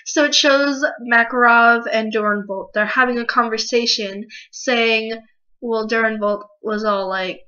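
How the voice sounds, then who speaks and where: Excitable swearing woman with a bright voice. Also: a little high, measured pace. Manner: emotional, excitable, swears freely. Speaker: manga reviewer. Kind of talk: casual video review. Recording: dull lo-fi recording.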